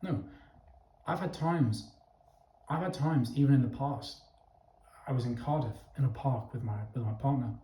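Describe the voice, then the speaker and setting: A man's voice: medium pitch, moderate pace, long pauses, dark tone, far from the mic. Big-framed man talking frankly, roomy. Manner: frank, conversational, with repeated phrases and restarts. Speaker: channel host. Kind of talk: casual talk to camera. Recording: roomy sound from away from the mic.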